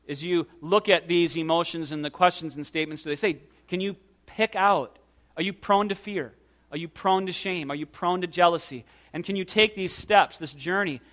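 Bright-voiced earnest male preacher. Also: high voice. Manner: earnest, pastoral, slows for emphasis. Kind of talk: sermon.

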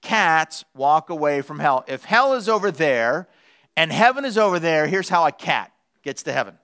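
A man pastor delivers a sermon in a church. His voice is slightly high, bright and crisp, with clear, resonant diction. He tells his story playfully and shifts his pace for effect. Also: very animated, normal speed. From United States.

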